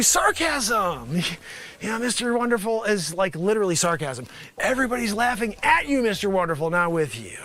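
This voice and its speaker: A man improvising a comedy sketch as a brash, sarcastic pitchman. He rambles through a mock pitch, drops mumbled asides and then bursts into shouting. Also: big pitch swings, normal speed. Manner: swings between mumbled asides and sudden shouted outbursts. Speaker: comedy show host pitching a mock product.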